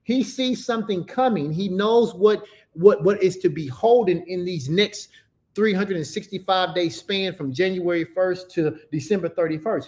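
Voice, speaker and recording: A man's voice: high voice, darkish tone. A man co-leading a conversational sermon as pastor, teaching with rhetorical questions and answering them.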